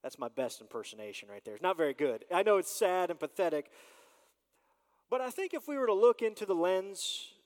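A man preaching a sermon as pastor, animated and rising and falling in volume as he reads scripture and addresses the congregation. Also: high voice, a little fast. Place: church sanctuary. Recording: long church reverb.

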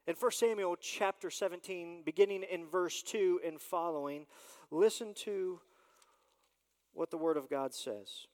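Guy preaching a sermon, gets loud then drops low, voice rings out in a big church. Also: unhurried. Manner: animated preaching, rising and falling in volume. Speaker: pastor. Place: church sanctuary. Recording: long church reverb.

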